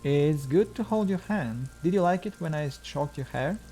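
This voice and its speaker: A man's voice: fairly high pitch, expressive, moderate pace, dark tone, slight background noise. A man doing a cheeky, teasing detective.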